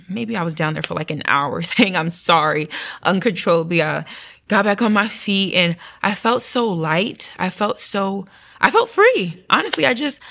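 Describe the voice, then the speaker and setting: Brief: young woman, interview guest, earnest emotional testimony, lowish voice, voices her inner thoughts. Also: fairly bright tone. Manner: earnest, emotional storytelling with acted-out inner dialogue.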